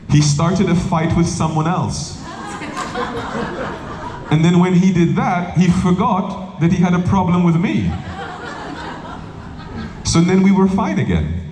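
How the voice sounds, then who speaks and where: A man's voice: high-pitched, warm tone, a little hiss or hum. A man who is a monk and spiritual teacher, giving a humorous talk full of anecdotes and acted-out quotes. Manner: humorous storytelling, acting out quotes. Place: live event hall. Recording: roomy echo, faint background ambience.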